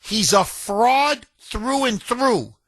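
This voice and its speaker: A man's voice: very high voice, expressive, extremely slow, fairly bright tone, no echo. A man hosting a talk radio show, delivering an indignant, mocking monologue and mimicking the people he talks about.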